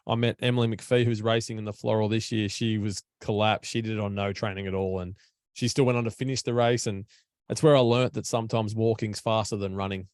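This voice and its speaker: A man's voice: fairly low pitch, fairly even intonation, brisk, a little mellow, no room sound, clean studio sound. An Australian man hosting a casual podcast over an online call from home, chatty, blunt and matey. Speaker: podcast host.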